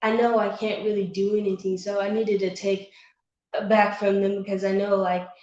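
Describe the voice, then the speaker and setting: A woman co-hosting a casual heart-to-heart talk, gently giving reassuring advice. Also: medium pitch, flat delivery, moderate pace. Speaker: co-host, daughter. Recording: echoey room, dull lo-fi sound.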